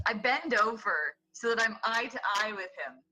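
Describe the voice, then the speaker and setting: Bright-voiced woman player. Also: a little high, expressive, normal speed, slight background noise, poor audio. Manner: hesitant, playful. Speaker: tabletop game player. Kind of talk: casual game chat.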